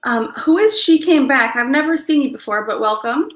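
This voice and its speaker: A woman hosting a casual livestream, greeting viewers by name, thinking out loud and apologizing often. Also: high-pitched, lively intonation, moderate pace, roomy sound. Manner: apologetic, drops to mutters and whispers. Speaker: livestream host.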